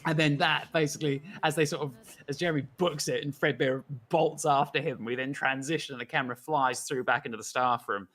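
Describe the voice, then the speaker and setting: Man, mid pitch, lively storyteller, acts out bits with laughter. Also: a little fast, hardly any pauses. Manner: animated storytelling, acts out characters. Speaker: co-host, animator. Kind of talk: casual chat.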